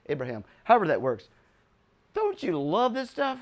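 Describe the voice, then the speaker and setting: An older man from America gives an animated Bible lesson in a fairly high voice. He chuckles often and breaks into sudden loud shouts to drive a point home. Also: normal speed. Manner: excitable, chuckling, loud bursts for emphasis. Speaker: Bible teacher.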